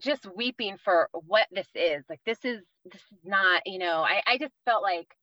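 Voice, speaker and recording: Talking at a normal speed in a mid-range voice, an East Coast American woman in her thirties tells a sincere story about her faith as a guest on a podcast, using lots of filler words. The recording has no room sound, and its high frequencies are cut off.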